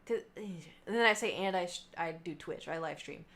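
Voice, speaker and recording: Speaking at a moderate pace with a fairly low-pitched voice, this woman in her late twenties streams live and shares stories in an animated, chatty way. Her talk is full of fillers and asides that trail off.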